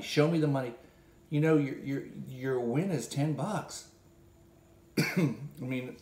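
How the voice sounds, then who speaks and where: A man in an echoey room delivering a sarcastic, scolding critique monologue in a mid-pitched voice. He talks in a casual, conversational way and now and then bursts into loud mimicry.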